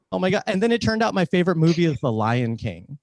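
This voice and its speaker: A young male comedian works a clean stand-up set over a video call, delivering wry, self-mocking stories at an unhurried pace. His pitch leaps around with animation, and he slips into flat deadpan voices for the characters he quotes.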